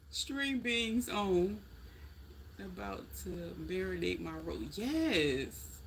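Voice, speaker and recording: A woman's voice: lowish voice, big pitch swings, takes it slowly, gravelly, husky. A middle-aged woman hosting a casual live stream, chatting in a folksy way straight to her viewers. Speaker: livestream host chatting with viewers.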